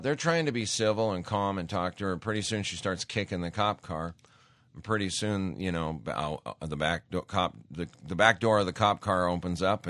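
A man hosting a faith talk on the radio, telling stories with animated, emphatic bursts. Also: lowish voice, dry recording. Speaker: radio host.

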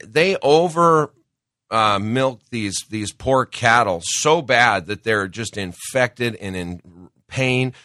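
A man's voice: fairly low pitch, pushed and bright, no echo, clean studio sound. A middle-aged man hosting a radio show, talking in a folksy, rambling way with preachy asides, his voice off from a cold. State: sick, voice off from a cold. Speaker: radio show host and business owner. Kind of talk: casual talk-radio monologue.

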